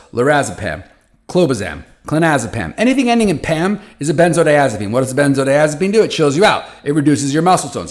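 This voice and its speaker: Animated male podcast host. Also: mid-range voice. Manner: animated, folksy, restarts often. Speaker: podcast host for a patient foundation. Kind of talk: casual monologue. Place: hot office.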